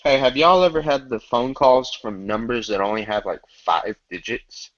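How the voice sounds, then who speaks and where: A man's voice: mid-range voice, normal speed, lo-fi sound. A man telling stories in casual chat, loose and profane, often laughing.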